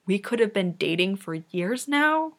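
A woman voicing a bewildered, awkward young man who talks in halting bursts, reading slowly. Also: mid-range voice, very animated. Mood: hushed urgent.

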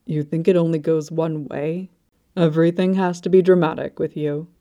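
A woman's voice: low-pitched, steady tone, moderate pace, dark tone. A woman voicing a blunt, stubborn young man in a storybook reading, terse and insistent. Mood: grumbling.

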